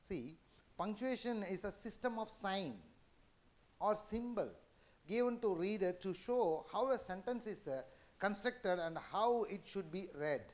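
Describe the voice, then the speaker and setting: A man with an Indian English accent giving an educational lecture, halting with many fillers and restarts. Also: high-pitched.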